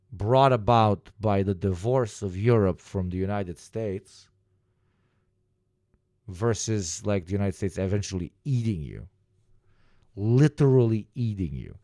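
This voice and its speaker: A low-pitched man talks politics on a stream in a sardonic, mocking way. His voice is dry and close to the mic. Now and then he jumps into a high mocking voice. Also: darkish tone, no room sound. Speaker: streamer commentator. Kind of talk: casual political commentary.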